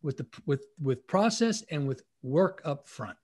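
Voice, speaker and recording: A man's voice: on the high side, measured pace, husky. A middle-aged man in a conversational interview, explaining leadership and acting out bits of dialogue. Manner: animated, acts out dialogue with quotes. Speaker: guest, leadership author.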